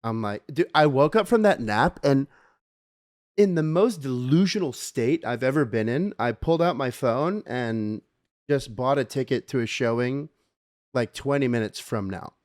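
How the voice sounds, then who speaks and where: A young man co-hosting a podcast, telling a long, meandering story with filler words and casual swearing. His voice sits at a middling pitch. It is recorded close and dry, with no room sound. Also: lively intonation, moderate pace, dry recording. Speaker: podcast co-host. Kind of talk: casual chat.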